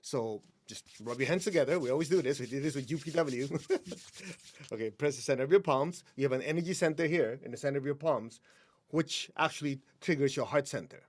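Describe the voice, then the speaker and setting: Calm man guiding an energy exercise. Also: medium pitch, brisk. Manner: calm, instructive, laughs often. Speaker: energy healing teacher, guest.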